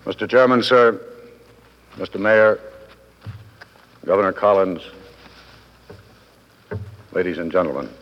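A man in his fifties delivers a formal speech with dry wit and deliberate pauses, his voice ringing through a big hotel ballroom. The old 1960s broadcast recording sounds dull, with a long hall echo trailing each phrase. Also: low-pitched, animated, a little hiss or hum. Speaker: guest speaker at a convention. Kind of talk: formal after-dinner speech.

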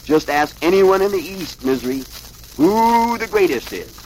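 A man voicing a shifty small-town hustler from a comic strip, excitable and full of dramatic warnings. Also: sits high, normal speed, a little hiss or hum, pitched above the performer's own voice, low-quality recording. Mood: blustery.

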